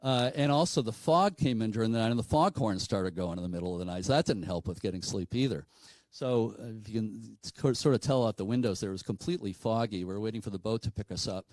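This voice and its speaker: A man's voice: lowish voice, expressive, fast, a little mellow, dry recording, rough recording. A man from New telling a ghost story to an audience in a conversational way, with frequent fillers and asides. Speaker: paranormal speaker.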